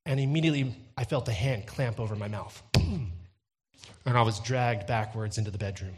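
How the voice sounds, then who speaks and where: A young man preaching a sermon, telling a personal story with a light touch and building to loud, intense emphasis. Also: mid-range voice, moderate pace.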